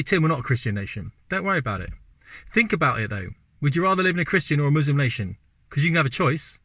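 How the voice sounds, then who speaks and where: A middle-aged Englishman, delivering an opinionated talking-head monologue with forceful repetition and rhetorical questions. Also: fairly high pitch, dry recording. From England. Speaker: video host.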